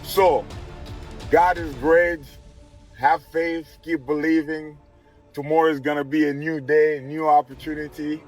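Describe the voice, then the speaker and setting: A man recording a relaxed video message, religious and grateful. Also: on the high side, measured pace, soft background music.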